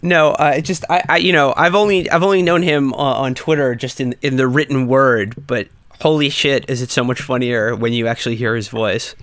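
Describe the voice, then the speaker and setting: A man's voice: mid-range voice, steady tone, fairly quick, hardly any pauses, a bit bright, no echo. Rambling New York man, podcast co-host. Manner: rambling, lots of fillers and restarts. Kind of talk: casual comedic chat.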